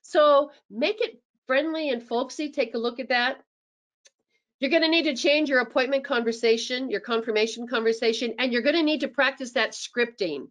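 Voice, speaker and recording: Woman consultant talking thru a webinar, chatty, lots of restarts, bit high voice. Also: normal speed. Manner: animated, acts out sample phone scripts in changing voices. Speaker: dental practice management consultant. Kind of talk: webinar presentation.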